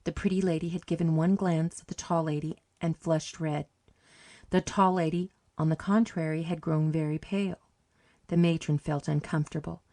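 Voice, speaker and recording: A woman narrating a short story audiobook in a calm, measured way. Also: low-pitched.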